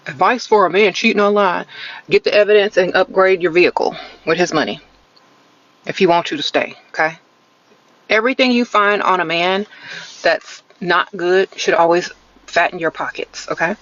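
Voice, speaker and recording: A woman's voice: fairly low pitch, moderate pace, fairly bright tone, dull audio. A woman giving blunt, sassy dating advice on a live stream from inside her car, often ending her points with a teasing "okay?". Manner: sarcastic, teasing catchphrase "sprinkle, sprinkle". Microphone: phone held close.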